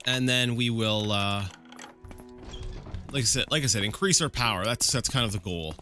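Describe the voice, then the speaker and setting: A man talks his way through a video game in a bright, forward voice, thinking out loud and restarting his sentences often. Faint game music plays under him. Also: on the low side, moderate pace. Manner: rambling and self-correcting, with frequent fillers and restarts. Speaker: let's play gameplay commentator. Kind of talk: casual live gameplay commentary.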